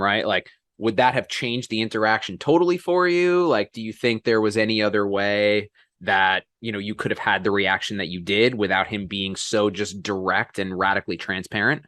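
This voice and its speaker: A male host with a low voice keeps the interview moving, tossing in quick "right?" checks as he frames his questions. The recording sounds dry and close, with almost no room around him. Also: no echo. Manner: energetic, drops frequent "right?" checks. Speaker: podcast host. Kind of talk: casual conversational interview.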